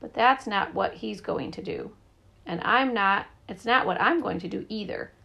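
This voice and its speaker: A woman voicing an earnest, stubborn superhero father who speaks gravely and booms his declarations. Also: moderate pace, pushed and bright, dull audio. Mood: determined. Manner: grave, declaring, booming at times.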